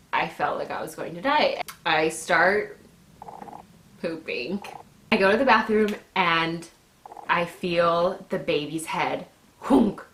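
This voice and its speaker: Woman, 20s, lively storyteller, lower voice, roomy echo. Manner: animated, laughing often, acts out her own shouts. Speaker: vlogger. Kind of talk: casual storytelling. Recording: echoey room with faint noise.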